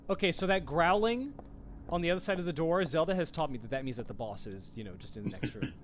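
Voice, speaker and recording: A man's voice: a little high, expressive, fast talker, a little hiss or hum. A man casually commenting while playing a video game, chatting, reading game text aloud and swearing at enemies. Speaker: let's play host.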